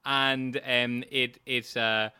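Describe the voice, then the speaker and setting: A man's voice: medium pitch, level tone, takes it slowly, bright, forceful tone, clean tone. A man narrating as game master of a tabletop game, rambling with many fillers and restarts.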